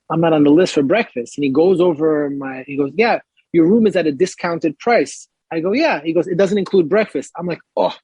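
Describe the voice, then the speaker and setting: A man on a podcast tells a story with lots of energy, jumping up in pitch to act out the other people in it. His voice is husky and sits a little high. The recording is dry and close. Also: no room sound. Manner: lively, acts out other people's lines in raised voices. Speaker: podcast guest. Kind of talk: animated storytelling.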